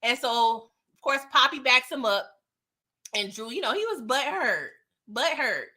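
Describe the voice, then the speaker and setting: This female TV recap host has a high, sing-song voice with a sharp tone, speaking at a measured pace. In her casual recap and review chat, she banters playfully with live viewers and performs characters' dialogue.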